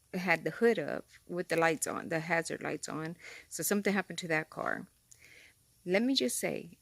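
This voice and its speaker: A woman vlogger telling a story straight to her viewers from inside a car, rambling and excitable. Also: mid-range voice, creaky, no echo. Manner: talks straight to viewers, rambling and excitable, says "freaking" a lot. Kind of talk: casual chatty storytelling to camera.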